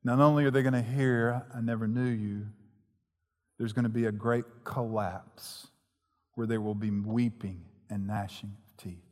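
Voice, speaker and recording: A pastor preaching an earnest, emphatic sermon in a church hall. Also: male voice, on the low side, fairly even intonation, moderate pace. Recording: long echoing hall reverb.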